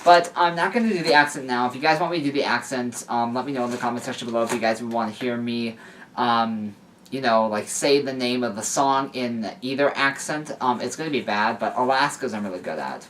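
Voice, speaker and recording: A man's voice: mid-range voice, a little fast, fairly bright tone, a little hiss or hum. A young man reading fan fiction aloud and breaking off for chatty, rambling asides. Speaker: story reader. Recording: voice somewhat distant from mic.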